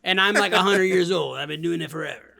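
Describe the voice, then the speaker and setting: A young man co-hosting a gaming podcast, teasing his friends with quick jokes. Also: fairly high pitch, creaky, crowd noise. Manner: teasing, jokey, quick ribbing. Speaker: podcast co-host. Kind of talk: casual chat.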